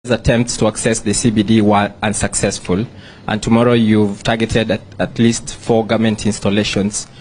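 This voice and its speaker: A man's voice: lowish voice, little pitch movement, moderate pace, a little mellow, slight background noise, poor audio. A man, a TV news reporter, asking a question hesitantly with fillers. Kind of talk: press conference question.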